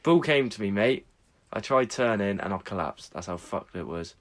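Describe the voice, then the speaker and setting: Casual podcast co-host, male, low-ish voice, sweary storyteller. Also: expressive, normal speed. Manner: sweary, storytelling, laughs often. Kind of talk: casual chat.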